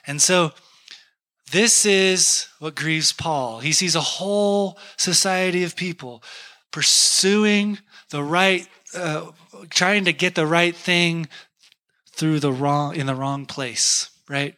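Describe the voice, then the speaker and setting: A man's voice: fairly high pitch, sharp tone. A man preaching a sermon, telling a candid, self-deprecating personal story to make his point. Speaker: pastor.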